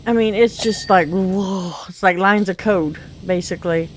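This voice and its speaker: A woman's voice: mid-range voice, normal speed, a little hiss or hum, low-quality recording. A middle-aged woman, telling a long exasperated story while gaming. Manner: chatty, exasperated, animated storyteller. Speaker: gameplay vlogger.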